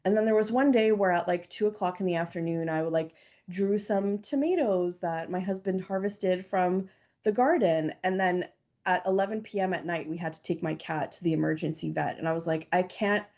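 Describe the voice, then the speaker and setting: A woman in her thirties chats as a podcast guest in a relaxed, meandering way. Her voice sits a touch low and sounds warm and mellow. She scatters fillers and "like" through her talk. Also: a little fast. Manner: chatty, lots of fillers and "like". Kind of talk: casual chat.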